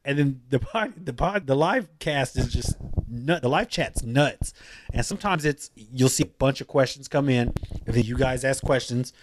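A man's voice: medium pitch, moderate pace, slight background noise. A man, a podcast guest talking casually, laid-back and rambling, swearing freely with many restarts. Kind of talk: casual chat.

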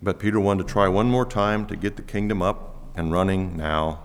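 A man preaching a sermon as pastor, lively and animated, laughing now and then. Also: sits low, normal speed, clean tone. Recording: long reverb of a church hall.

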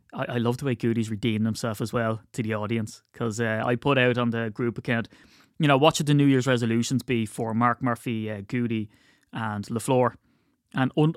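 A man's voice: medium pitch, fairly bright tone, no room sound, clean studio sound. A man hosting a sports podcast, chatting in an opinionated way with wry asides. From United Kingdom. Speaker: podcast host. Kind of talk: casual solo commentary.

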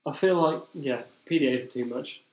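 A man's voice: mid-range voice, a little fast, darkish tone. Rambling man in an echoey room. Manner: rambling, self-correcting, repeats phrases. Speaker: podcast co-host. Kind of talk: casual chat.

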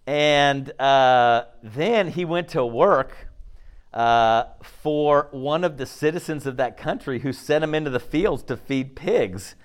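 A man preaching a sermon in an animated, conversational way, often checking in with "okay?" and acting out voices. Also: on the high side, unhurried. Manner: acts out voices and laughs often. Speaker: pastor.

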